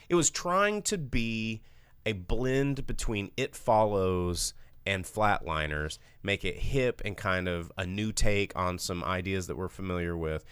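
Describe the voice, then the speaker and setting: A man co-hosting a live show, reviewing a film in casual, rambling chat full of fillers, slipping into quick voices for the characters. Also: on the low side, fairly bright tone, smooth, no room sound. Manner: rambling, filler-heavy, acts out characters' lines. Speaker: podcast co-host, film reviewer.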